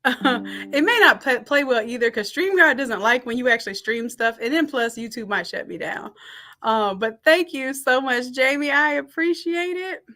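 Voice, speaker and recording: A middle-aged woman teaching a design class on a live stream, reading out the chat and warmly thanking people by name. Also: sits high, normal speed. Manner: warm, effusive thanks and shout-outs.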